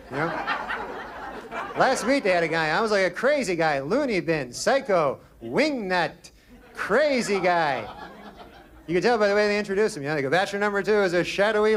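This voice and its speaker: Deadpan comic man, high voice, crowd laughing. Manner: deadpan, drawn-out delivery with sudden asides and character voices. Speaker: stand-up comedian. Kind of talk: stand-up routine. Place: comedy club stage. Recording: live club with loud crowd laughter and noise. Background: audience laughing.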